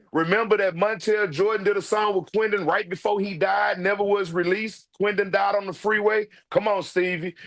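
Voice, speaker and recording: A man's voice: high voice, fairly bright tone. A man giving casual ranting commentary, brash and profane, calling people out directly. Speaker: online commentator.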